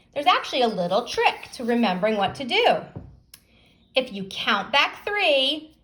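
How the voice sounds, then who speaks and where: A woman teacher giving a phonics lesson, sounding out words slowly and asking young pupils questions. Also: on the high side, fairly bright tone.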